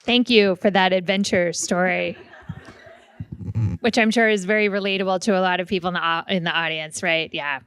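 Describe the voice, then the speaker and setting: A woman's voice: fairly low pitch, fairly even intonation, normal speed, fairly bright tone, a little hiss or hum. A woman hosting a live storytelling event, joking with the audience. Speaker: event host. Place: event hall before an audience.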